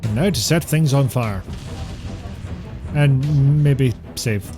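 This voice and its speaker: Casting: male game streamer, mid pitch, chatty, joking, swears a lot. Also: slow, mellow, soft background music. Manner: joking, rambling, swears often. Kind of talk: casual gameplay commentary.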